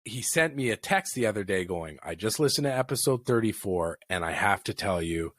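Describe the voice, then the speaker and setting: A man's voice: lowish voice, expressive, a little fast, a bit bright, a little hiss or hum. A man co-hosting a podcast, chatting casually and joking in a rambling, playful way. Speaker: podcast co-host. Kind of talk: casual chat.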